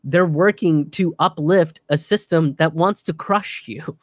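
A man rants in a casual, profane commentary, his voice sitting a little high for a man. He is animated and swears freely, recorded dry and close. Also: unhurried, dry recording.

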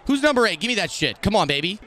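A young man streaming a football video game, commenting live, swearing and swinging between muttered complaints and shouted reactions. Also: high voice, big pitch swings, fast talker, a little hiss or hum. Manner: profane trash talk.

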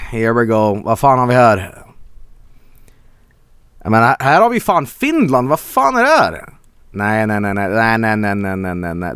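A Swedish-accented man commenting live on a game he is streaming, swearing freely and laughing a lot. His pitch jumps all over the place, and the sound is dry and close with no room echo. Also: smooth. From Sweden. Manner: excitable, profane, laughs often.

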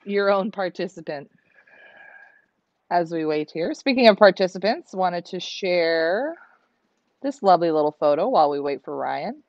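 A woman's voice: fairly low pitch, animated, normal speed, darkish tone, no echo, dull audio. A woman from Canada hosting a livestream, chatting and reading out viewer comments. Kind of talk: casual livestream chat.

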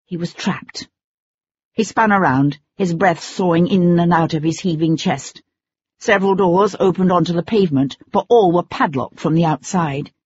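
An audiobook narrator reading a tense chase scene in steady, measured storytelling. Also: medium pitch, husky. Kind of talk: scripted narration. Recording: dull lo-fi recording.

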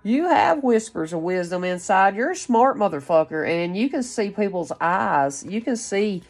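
A woman giving an excitable, rambling channeled spiritual reading, full of gasps, exclamations and casual swearing. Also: mid-range voice, normal speed. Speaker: spiritual card reader. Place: her home, lives in West Virginia.

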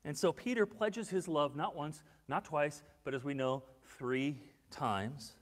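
A male pastor delivering a sermon with a fairly high voice. He moves from ringing emphasis to soft, confiding asides. The sound trails off into a long reverb, as in a church sanctuary. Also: measured pace. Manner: expressive, swings from loud emphasis to hushed, intimate asides.

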